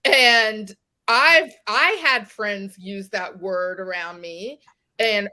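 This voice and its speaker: A woman from West Virginia, a podcast guest, telling a personal story in an animated way. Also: medium pitch, very slow. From West Virginia, USA. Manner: animated storyteller, acts out quoted exchanges. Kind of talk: podcast conversation.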